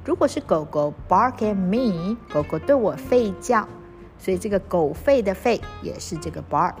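A woman teaching English through a storybook, reading lines slowly and spelling words out letter by letter. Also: mid-range voice, animated, darkish tone, soft background music. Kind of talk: storybook reading lesson with explanations.

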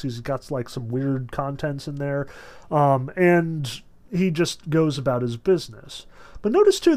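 A man lecturing on literature in a conversational, analytical way, with many fillers. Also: a little high. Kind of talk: recorded lecture.

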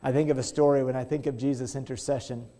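A man preaching a sermon, telling stories and slowing down to press his points. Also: mid-range voice, fairly even intonation, mellow. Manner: storytelling, slows down for emphasis.

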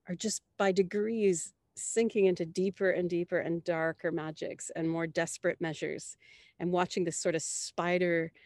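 A woman with a slightly low voice recounts an experience as an interview guest, animated and breaking into high laughs. She is from Canada and restarts her phrases often. The sound is dry and close. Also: dry recording. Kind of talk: conversational interview storytelling.

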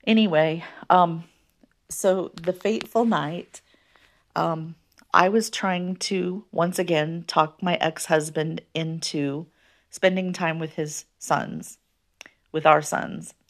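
Brief: low-pitched woman from the Midwest, podcast host recounting personal history, halting with frequent ums. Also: steady tone. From American Midwest. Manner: hesitant, many ums, soft-spoken. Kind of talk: personal storytelling.

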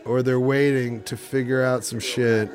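A man co-hosting a comedy podcast, excitable and swearing, dropping into high mocking voices. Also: measured pace, music in the background. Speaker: podcast co-host. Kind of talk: casual comedic chat.

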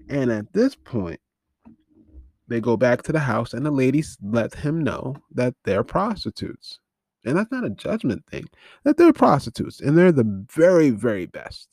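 A man's voice: mid-range voice, a little mellow, no room sound, studio quality. A man hosting a podcast, recapping a film in a rambling, incredulous way and often correcting himself. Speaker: podcast host. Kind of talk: casual film-recap commentary.

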